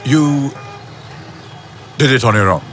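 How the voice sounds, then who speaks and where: An actor playing a proud, probing aging male actor in a film scene, with expressive, sweeping delivery. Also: mid-range voice, takes it slowly, faint music behind. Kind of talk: film dialogue.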